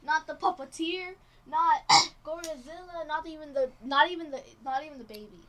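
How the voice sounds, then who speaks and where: High bright teasing woman co-host. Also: normal speed. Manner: teasing, emphatic listing. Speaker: podcast co-host. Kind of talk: casual banter.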